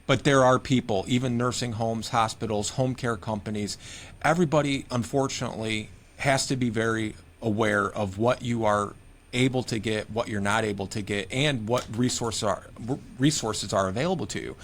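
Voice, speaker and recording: A man's voice: lowish voice, normal speed, a bit bright. A man from Michigan, a guest on a care podcast, telling stories and giving earnest advice in a conversational interview. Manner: earnest, storytelling with quoted advice. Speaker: podcast guest, home care case manager.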